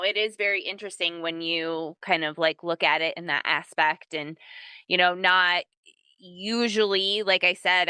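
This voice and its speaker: A woman's voice: fairly low pitch, bright, forceful tone, smooth, no room sound, clean studio sound. A woman hosting her podcast, talking casually and enthusiastically, swearing freely. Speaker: podcast host.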